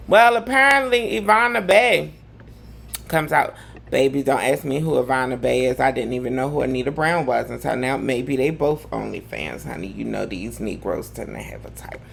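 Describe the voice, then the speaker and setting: A man's voice: medium pitch, vocal fry, fairly bright tone. A man hosting a live gossip commentary show, talking in a sassy, campy way full of drawled slang. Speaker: host.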